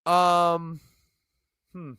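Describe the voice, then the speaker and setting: A man's voice: sits high, completely flat delivery, very slow, sharp tone, clean tone, no echo, clean studio sound. A man with a New York accent giving sardonic, profane live commentary on a video he is watching. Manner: sardonic, profane, rambling asides. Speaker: streamer reacting to a video.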